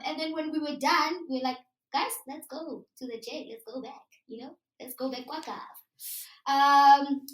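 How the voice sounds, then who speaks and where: Animated South African woman storyteller. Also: on the high side. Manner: animated, chatty, slips into local words. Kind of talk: live storytelling to an audience. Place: live event room. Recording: roomy sound from a distant mic.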